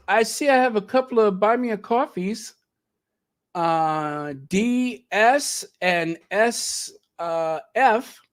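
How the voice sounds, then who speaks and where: Chatty male host, slightly high voice, unhurried reaction commentary. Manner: chatty, talks straight to viewers, thinks aloud. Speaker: channel host. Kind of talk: casual live reaction commentary.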